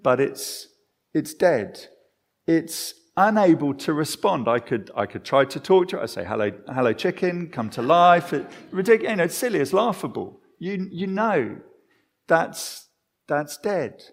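Gravelly higher-voiced male preacher. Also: sing-song, measured pace. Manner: conversational, often restarts phrases. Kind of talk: sermon.

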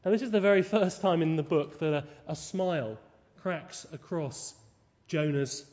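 A man delivers a sermon in a fairly high, mellow voice. He works through the scripture carefully and keeps asking the congregation rhetorical questions. The lo-fi recording carries a long, echoing hall reverb. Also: normal speed. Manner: expository, with rhetorical tag questions. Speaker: preacher.

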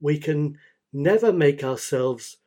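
Slow, deliberate male preacher. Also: a little high, expressive, mellow. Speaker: pastor. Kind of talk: sermon.

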